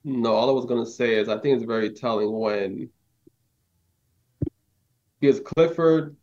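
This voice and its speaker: A man's voice: mid-range voice, a little slow, darkish tone, slight background noise. A man co-hosting a postgame show, telling amused stories in a casual chat. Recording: dull lo-fi mic.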